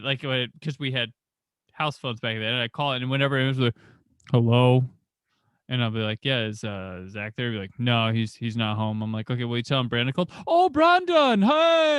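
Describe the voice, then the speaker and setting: A man hosting a movie podcast, talking casually and acting out the people in his anecdotes. His voice is bright and forward, and it sounds dry and close, with little room around it. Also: medium pitch, no room sound. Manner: animated storyteller, acts out quoted voices. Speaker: podcast host.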